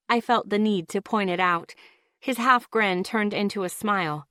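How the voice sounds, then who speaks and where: A woman's voice: medium pitch, a little slow, bright, forceful tone, no echo. Woman narrating an audiobook, dry close sound. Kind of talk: first-person audiobook narration.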